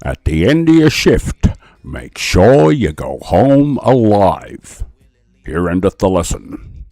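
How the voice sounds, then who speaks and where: Aussie man doing a gruff old Scottish lawman, slow weighty lecture, deep. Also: sing-song, dark tone, no room sound, studio quality, heavily acted. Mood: solemn. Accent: attempted Scottish. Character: gruff older Scottish cop mentor, solemn.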